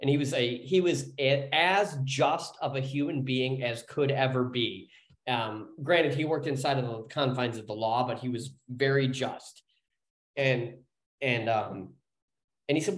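Animated man telling a recovery story, echoey room. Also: medium pitch, a little slow. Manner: rambling, restarts often, animated when telling a story. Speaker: podcast guest. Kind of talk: personal storytelling in an interview.

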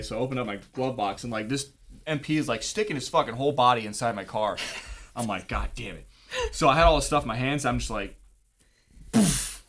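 A man's voice: medium pitch, fairly bright tone. Young man, casual storyteller, profane and laid-back. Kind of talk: casual anecdote.

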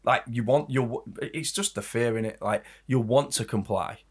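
A man's voice: mid-range voice, normal speed, slightly rough. A man in casual chat, talking in a loose, rambling way. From England.

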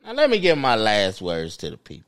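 A man's voice: lowish voice, huge pitch swings, a little fast, smooth, no echo, clean studio sound. A man co-hosting a sports podcast, talking in casual, profane banter and mocking his co-hosts. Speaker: podcast co-host.

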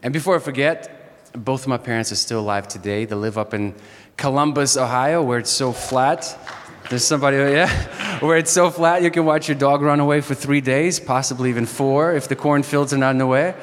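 A man in his thirties with a Southern US accent gives a chapel sermon at a university. He grew up in Ukraine and talks in a joking, storytelling way at a middle pitch. His voice rings with the long reverb of a large hall. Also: normal speed, a little hiss or hum. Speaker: chapel speaker. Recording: echoey hall.

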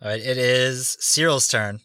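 Bright, dry-voiced male game master. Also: mid-range voice, a little slow, clean tone, no echo. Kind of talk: narrating a tabletop game.

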